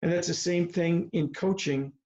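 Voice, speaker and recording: A man in his seventies, a retired baseball coach, telling folksy stories in a slow, deliberate way on a video call. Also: a little high, mellow. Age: 70s. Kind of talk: reflective talk on a video call. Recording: slightly muffled video call audio.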